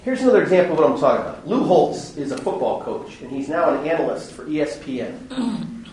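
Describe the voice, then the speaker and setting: Animated man teaching in an echoey church. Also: on the high side, brisk, a little hiss or hum. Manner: animated, joking, acts out voices in stories. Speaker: parish teacher. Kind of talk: Bible study talk. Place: parish hall or church.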